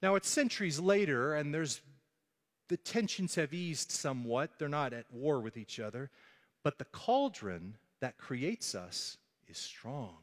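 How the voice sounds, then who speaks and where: A man delivers a sermon with lively storytelling and acts out the characters as he goes. His voice sits a little high, and it carries a long reverb from a large church hall. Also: measured pace. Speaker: pastor.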